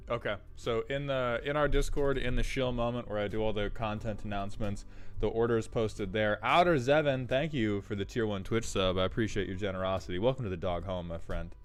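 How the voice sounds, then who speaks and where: A man's voice: on the low side, fairly quick, smooth, faint music behind. A man streaming live, chatting casually and cheerfully greeting viewers by name.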